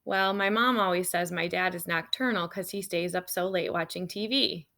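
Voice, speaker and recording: A woman's voice: on the low side, moderate pace, pushed and bright. A woman reading the lines of a sheepish young schoolboy in a storybook.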